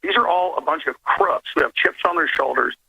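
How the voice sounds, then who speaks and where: A man's voice: fairly high pitch, wildly swooping pitch, brisk, bright, forceful tone. A man calling in to a talk radio show, speaking in a rambling, emphatic way over a phone line. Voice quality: gravelly.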